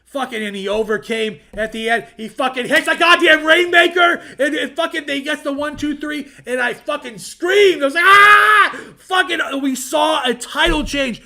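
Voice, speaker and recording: High, bright, excitable male podcaster. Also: moderate pace, gravelly, few pauses. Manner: excitable, heavy swearing, shouts when excited. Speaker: podcast co-host. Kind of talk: casual chat.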